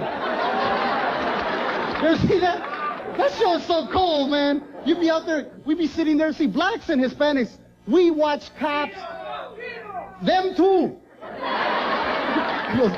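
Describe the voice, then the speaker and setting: High-voiced male comic working a live crowd, muffled lo-fi sound, roaring audience behind. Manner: joking, animated crowd work. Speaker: stand-up comedian. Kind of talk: stand-up comedy. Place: live concert stage. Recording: lo-fi concert recording with loud crowd noise.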